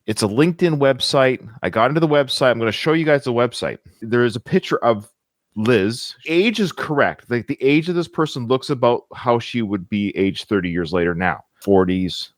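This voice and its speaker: A man's voice: medium pitch, lively intonation, moderate pace, no room sound. Chatty male podcast host, dry sound. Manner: chatty, rambling, frequent filler "uh". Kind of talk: casual podcast chat.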